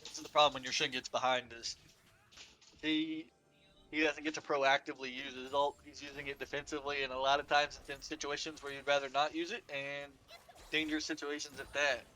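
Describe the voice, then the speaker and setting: A man's voice: fairly high pitch, flat delivery, a little fast, pushed and bright. A man giving laid-back, joking color commentary on a live esports match, with lots of "uh" and "like". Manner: laid-back, joking analysis with many fillers.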